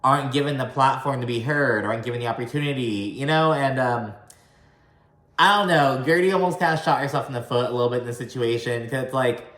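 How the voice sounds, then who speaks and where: A man's voice: mid-range voice, fairly bright tone. A man dishing on a reality show in loose, profane vlog chatter. He runs his words together and leans on "like" constantly, with a bit of a country twang. His voice bounces around an echoey room. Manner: chatty, swears often, says "like" a lot; admits talking fast and mashing words together. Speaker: reality TV recap host. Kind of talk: casual profane recap vlog.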